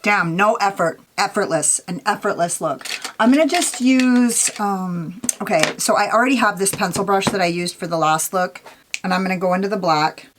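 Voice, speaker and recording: A woman's voice: medium pitch, moderate pace, a little hiss or hum. A young woman vlogging a makeup tutorial in a chatty, candid way, swearing casually and saying "like" a lot. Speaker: beauty vlogger.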